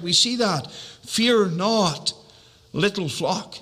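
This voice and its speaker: A man preaching a sermon slowly and deliberately, repeating key phrases for emphasis. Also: high-pitched, sharp tone. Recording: echoey hall reverb.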